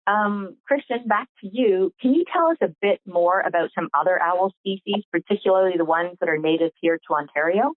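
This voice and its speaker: A woman's voice: medium pitch, brisk, few pauses, no room sound. A woman hosting a conference call, upbeat and conversational. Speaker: host. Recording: tinny phone line, dry.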